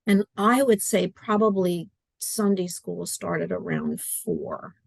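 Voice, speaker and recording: A middle-aged woman who writes adaptive curriculum joins a video-call interview as a guest from her home study, chatting casually in an earnest way and acting out her own quotes. Her low voice has huge pitch swings, a slow pace, and vocal fry. There's no room sound.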